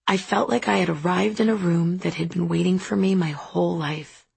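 A woman narrating a literary novel in first person, introspective, with a husky, gravelly voice. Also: fairly low pitch, steady tone, normal speed, darkish tone, no room sound. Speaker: audiobook narrator.

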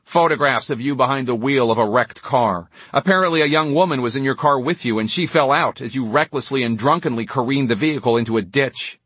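A man's voice: medium pitch, brisk, few pauses, a bit bright, breathy edge, dry recording. A man voicing a nasal, menacing male political aide who speaks in a cold, threatening way.

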